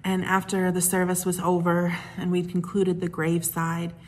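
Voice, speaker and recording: A woman pastor delivers a sermon, weaving personal stories in an unhurried, gentle way. Her voice sits a little low and has a husky edge. She often drops to a soft, hushed tone. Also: completely flat delivery.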